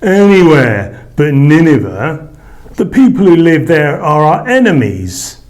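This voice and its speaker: A man's voice: a little high, sing-song, unhurried, darkish tone, voice pushed up. A man voicing a reluctant, grumbling male prophet in a storybook reading, speaking in a groaning, complaining way.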